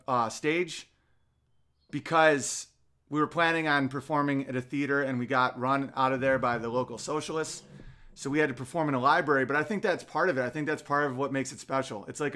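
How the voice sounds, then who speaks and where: A man in his thirties hosting a podcast, ranting profanely and reading out viewer comments, swinging between loud outbursts and muttered asides. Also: fairly high pitch. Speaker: podcast host. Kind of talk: casual podcast rant, reading chat comments.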